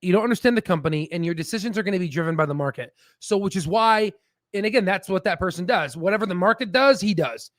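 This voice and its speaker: A man hosting a casual stock market livestream, animated and swearing, with stammering restarts. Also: high voice, fast talker, no echo, clean studio sound.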